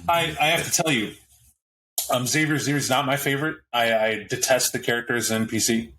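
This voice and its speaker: A man on a roundtable podcast talks animatedly about a tabletop game and keeps restarting his sentences as he goes. His voice is bright and forceful at a middle pitch, and there is a faint hiss in the background. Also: a little fast. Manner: animated, with frequent restarts and asides. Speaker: podcast panelist.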